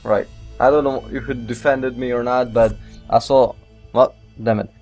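Brief: male let's player, mid-pitched, excitable and rambling, with non-native English phrasing. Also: moderate pace, soft background music. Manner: excitable, rambling, mild swearing. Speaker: let's play gamer. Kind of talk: gameplay commentary.

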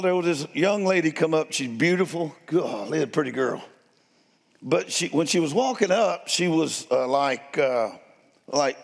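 Folksy gravelly preacher with a drawl. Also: male voice, a little high. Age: older. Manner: folksy, playful, addresses crowd as y'all. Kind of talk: sermon storytelling. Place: church sanctuary. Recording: long hall reverb.

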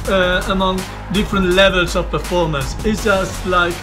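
A man serving as a competition judge, speaking haltingly with light laughs before an announcement. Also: high voice, steady tone, over music. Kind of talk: announcement speech.

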